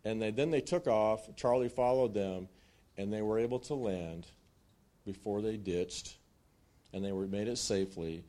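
A man telling a wartime story in a sermon, with lively acted-out asides and frequent restarts. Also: fairly low pitch, normal speed.

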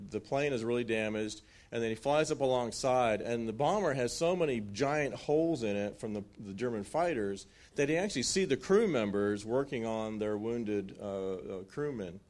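Male preacher, mid-range voice, relaxed storyteller acting out the scenes. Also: medium pitch. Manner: animated storytelling with restarts and acted quotes. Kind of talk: sermon storytelling.

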